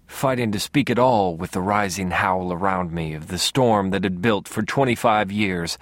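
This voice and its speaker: Brief: male audiobook narrator, low and dry, understated first-person delivery. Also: moderate pace, few pauses, no room sound.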